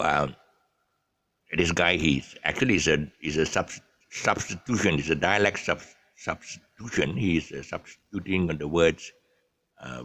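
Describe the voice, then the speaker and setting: A man's voice: a bass voice, fairly bright tone, slightly rough, dry recording. A man with a Malaysian English accent, chatting casually and rambling through his explanations with many ums and restarts, adding jokes. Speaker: vlogger. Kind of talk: casual monologue explaining local slang.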